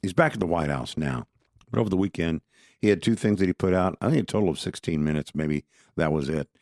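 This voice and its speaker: Deep-voiced man, opinionated. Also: lively intonation, quick pace, a little mellow, dry recording, clean studio sound. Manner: conversational, opinionated, frequent restarts. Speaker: podcast co-host. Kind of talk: casual political talk.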